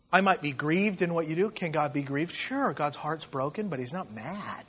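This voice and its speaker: A man preaches a sermon with fervent, swinging delivery, going from hushed and low to loud and pressing. His voice sits high for a man. The recording is a little dull and lo-fi. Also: animated, moderate pace, few pauses, husky. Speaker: pastor.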